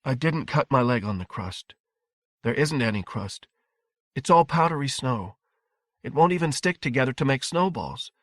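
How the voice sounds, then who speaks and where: A man's voice: medium pitch, moderate pace, no room sound, studio quality, voice pushed up. A man reading aloud, voicing a frightened little boy who trembles and pleads. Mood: earnest. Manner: trembling, struggling to stay calm.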